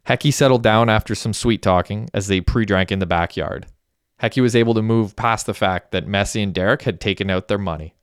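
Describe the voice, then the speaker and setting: A man reading a story aloud as a narrator, in a steady, even storytelling manner. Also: lowish voice, fairly quick, clear, resonant tone, no echo, studio quality. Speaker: audiobook narrator. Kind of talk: scripted narration.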